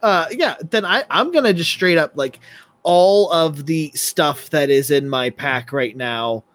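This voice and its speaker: Slightly high-voiced rambling man. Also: lively intonation, measured pace, fairly bright tone. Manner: rambling and hesitant, many restarts. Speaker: player. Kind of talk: casual tabletop game chat.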